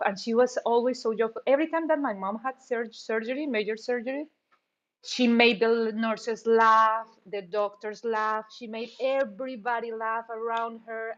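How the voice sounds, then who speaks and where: Woman with small grammar slips, warmly thanking. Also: on the high side, fairly even intonation, normal speed, dull audio. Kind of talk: casual chat, giving thanks and feedback.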